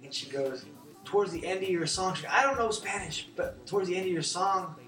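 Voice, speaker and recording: A man co-hosting a show, telling a lively story in casual chat and acting out the other people's lines. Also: high voice, fairly quick. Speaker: show co-host. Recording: roomy, distant mic, music behind.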